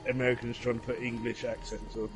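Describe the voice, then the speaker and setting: A man's voice: mid-range voice, flat delivery, fast talker, over music. A man chatting playfully and joking while playing a game on a stream. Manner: playful, jokey. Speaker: co-player on stream. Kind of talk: casual gaming chat.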